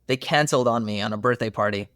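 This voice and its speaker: A man's voice: lowish voice, fast talker, no echo. Earnest young man, dry close mic. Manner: earnest, animated storytelling with many fillers. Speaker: therapist guest. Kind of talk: casual podcast conversation.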